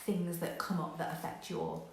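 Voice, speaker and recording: A woman business coach giving a motivational talk, energetic and direct, who acts out panicked voices and swears casually. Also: fairly low pitch, normal speed, gravelly, a little hiss or hum. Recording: very echoey room.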